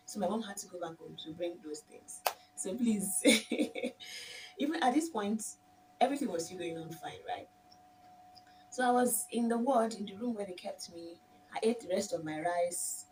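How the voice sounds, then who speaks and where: A young woman with a Nigerian accent recounts her story in an emotional, animated way, with a mellow, dark tone. She sits some distance from the microphone, with a faint hiss of background noise behind her. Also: fairly low pitch, normal speed. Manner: emotional, animated, addresses viewers as "my dears". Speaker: vlogger. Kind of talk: personal storytelling.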